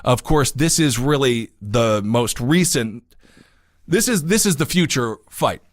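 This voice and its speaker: A man's voice: mid-range voice, lively intonation, measured pace, no echo. Joking man co-hosting a podcast, dry sound. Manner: jokey, rambling asides, gets worked up and emphatic. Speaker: podcast co-host. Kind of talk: casual political talk, reading news aloud. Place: home studio in New York City.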